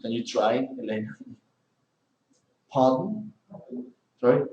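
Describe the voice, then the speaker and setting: Man, English teacher, unhurried, roomy classroom echo. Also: mid-range voice, dull audio. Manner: models pronunciation by repeating words, questioning students. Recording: echoey classroom.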